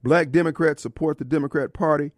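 Speaking briskly with a fairly high, steady voice, a man hosts a talk radio show from a radio studio. Dry and studio-quality through a studio microphone, his fired-up political monologue is impassioned, preachy, and colloquial before shifting into live ad reads.

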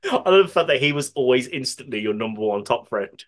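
A man's voice: medium pitch, animated, quick pace. A man co-hosting a podcast in casual comedic chat, laughing often and swearing freely. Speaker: podcast co-host.

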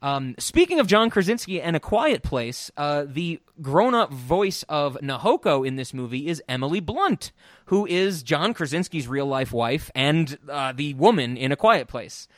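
A very animated man with a slightly high voice hosts a podcast at a measured pace, rambling casually with strong opinions on film voice acting. He swears and fills his talk with ums and restarts. It's studio quality, with no room sound.

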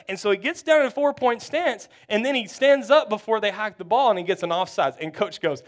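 A pastor from Texas telling a story in a sermon, animated and acting out the people in it. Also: male voice, sits high, brisk. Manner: animated storytelling, acts out quotes.

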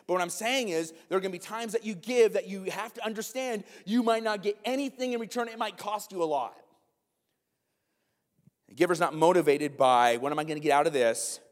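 A man preaching a sermon to his congregation, animated, with conversational asides. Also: high-pitched, in a large hall. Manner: animated, talks to the congregation with asides and quick acted-out quotes. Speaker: pastor.

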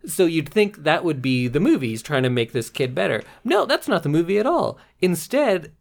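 A woman's voice: low-pitched, sing-song, moderate pace, creaky. A woman co-hosting a movie review chat, talking in a playful, sarcastic way. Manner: playful, sarcastic, puts on Southern voices. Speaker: podcast co-host reviewing movies. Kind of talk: casual chat.

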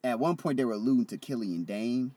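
A man in casual podcast chat, relaxed and slangy, with many fillers. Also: mid-range voice, husky, no room sound. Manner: laid-back, slangy, drawn-out fillers.

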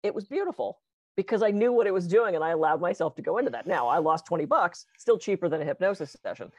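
A woman in casual conversation, a hypnotist and guest who talks fast and animatedly, acting out the voices in her anecdotes. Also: on the low side, animated, darkish tone, dry recording. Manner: fast-talking storyteller.

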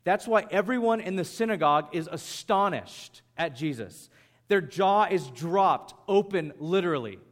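Guy preaching a sermon, kinda high voice, animated and chatty. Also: a little slow. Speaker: pastor.

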